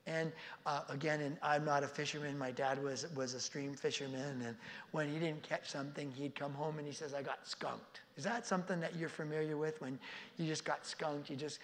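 A man preaching a sermon as a pastor, telling the story vividly and dropping at times to a hushed near-whisper. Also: a little high, steady tone, fairly quick. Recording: reverberant hall.

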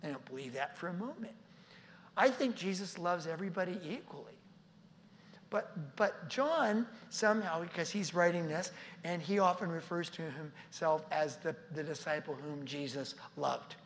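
A man preaching a sermon as a pastor, telling the story vividly and dropping at times to a hushed near-whisper. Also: fairly high pitch, expressive, moderate pace, a little hiss or hum. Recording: reverberant hall.

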